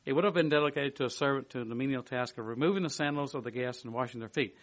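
A man giving a sermon, reading a commentary aloud and adding his own asides, moving between emphatic bursts and quiet, hushed stretches. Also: mid-range voice, fast talker. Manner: lively, swings from emphatic to hushed. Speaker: preacher.

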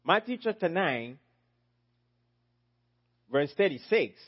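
Expressive slow-preaching man. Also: husky, muffled recording. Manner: emphatic, swinging between loud high exclamations and low quiet phrases. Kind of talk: sermon.

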